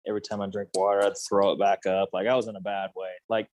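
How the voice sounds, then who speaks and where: A man's voice: lowish voice, little pitch movement, fast, darkish tone, dry recording. A man in his thirties telling a story as a podcast guest, loose and rambling, full of fillers. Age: 30s. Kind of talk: casual storytelling.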